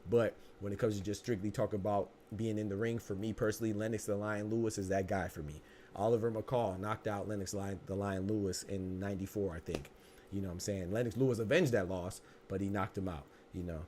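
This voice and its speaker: A man's voice: lowish voice, steady tone, a little fast, a little mellow, a little hiss or hum. A man hosting a live boxing podcast, reading chat comments and joking around with loose, profane mock anger and speech.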